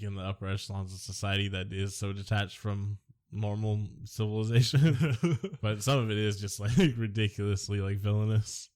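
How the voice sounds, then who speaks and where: Joking low-voiced man on a movie podcast. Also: a little mellow. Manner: jokey, rambling, silly impressions. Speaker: podcast co-host. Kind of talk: casual movie podcast chat.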